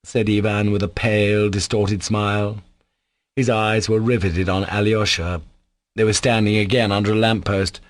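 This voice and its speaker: Man reading a novel aloud, lowish voice, dead dry close mic. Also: level tone, moderate pace, dry recording. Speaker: audiobook narrator. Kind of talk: scripted literary narration.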